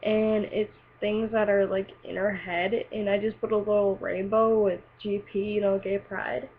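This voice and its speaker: A woman's voice: medium pitch, little pitch movement, normal speed, slightly rough. A teenage girl telling a personal story in a casual, rambling way, full of fillers and likes. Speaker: vlogger. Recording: tinny lo-fi webcam audio with faint hiss.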